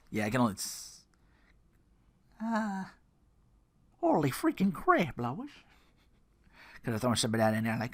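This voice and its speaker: A man chatting alone on his podcast, rambling and poking fun at himself as he goes. His voice is bright and swings widely in pitch, rising and dropping between asides. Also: big pitch swings, measured pace, pauses often. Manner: rambling, self-mocking, laughs at own jokes. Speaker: podcast host. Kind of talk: solo podcast chat.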